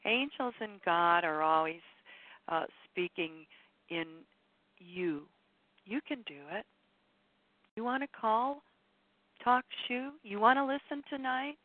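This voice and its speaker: A woman's voice: medium pitch, slow, long pauses, no room sound. Chatty woman teacher over a tinny line. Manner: meandering and chatty, with self-corrections. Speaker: spiritual teacher leading a group call. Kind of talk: live spiritual teaching talk to callers.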